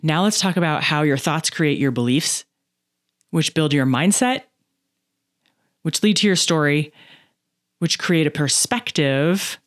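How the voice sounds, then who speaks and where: A woman coaching on mindset in a solo podcast, lively and chatty, often adding "right?" and acting out inner voices. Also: low-pitched, a little slow, long pauses, no echo, clean studio sound. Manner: acts out inner voices and laughs at herself.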